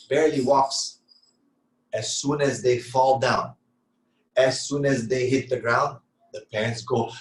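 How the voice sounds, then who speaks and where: A man's voice: medium pitch, roomy sound, low-quality recording. A middle-aged man giving an earnest sermon-style talk on parenting, asking rhetorical questions and answering them himself. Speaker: Islamic lecturer.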